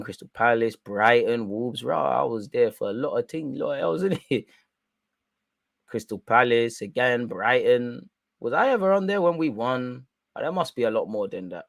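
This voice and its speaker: A young man gives casual football commentary on a live stream, slangy and chatty, talking right at his viewers. His voice sits at an ordinary pitch, and the sound is close and dry with no room around it. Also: vocal fry, dry recording.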